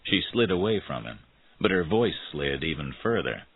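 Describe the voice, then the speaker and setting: Deep, husky male storyteller. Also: very animated, moderate pace. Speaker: narrator. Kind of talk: scripted narration of a graded reader. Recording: tinny phone-like sound.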